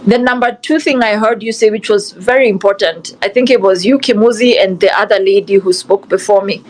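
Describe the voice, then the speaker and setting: A woman's voice: medium pitch, a little fast, a little mellow, poor audio. A young woman with a Kenyan accent, speaking passionately in an online discussion, repeating her points and mixing in Swahili. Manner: passionate, repetitive, switches into Swahili. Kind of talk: impassioned live audio discussion.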